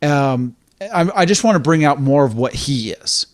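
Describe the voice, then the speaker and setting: A man's voice: a little high, lively intonation, moderate pace, no room sound, studio quality. A man co-hosting a podcast in casual chat, thinking aloud and sometimes acting out lines in character. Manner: thoughtful, acts out lines in character. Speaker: podcast co-host.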